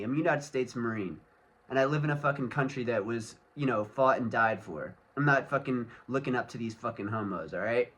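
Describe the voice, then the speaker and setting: A man's voice: mid-range voice, a little fast, fairly bright tone, husky. Angry, foul-mouthed man ranting. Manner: loose, rambling delivery full of fillers. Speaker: vlogger. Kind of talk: casual solo rant to camera.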